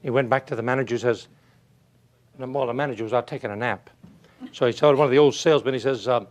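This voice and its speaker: A man's voice: medium pitch, fast talker, pauses often. An older man giving a motivational speech, telling folksy stories and asking his audience rhetorical questions. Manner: animated, folksy storytelling with rhetorical questions and chuckles. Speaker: motivational speaker.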